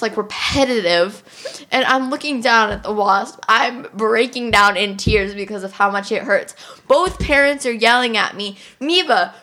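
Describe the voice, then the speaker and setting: A young woman, a podcast guest, telling a funny personal story in a lively, laughing way. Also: on the high side, slight background noise. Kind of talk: casual storytelling.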